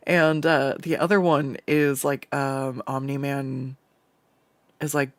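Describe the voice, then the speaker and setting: A home-streaming artist rambles while drawing, cursing and tripping into restarts, captured on a desk microphone. The mid-range voice keeps a measured pace, and the recording is dry.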